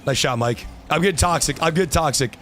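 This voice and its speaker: A young man streaming a car-soccer match, trash-talking opponents and yelling at his teammates. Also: a little high, fast, a little hiss or hum. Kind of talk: live gameplay commentary.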